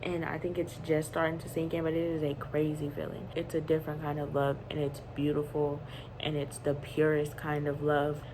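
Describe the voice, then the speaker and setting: A woman's voice: low-pitched, monotone, moderate pace, background noise. A nineteen-year-old woman and new mother, chatting casually and candidly on her vlog in rambling, slangy talk at home. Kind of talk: casual chat.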